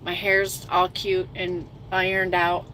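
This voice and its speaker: A woman's voice: on the low side, completely flat delivery, takes it slowly, sharp tone, slight background noise. A middle-aged woman trucker hosting a casual livestream chat, self-mocking and reading viewer comments aloud.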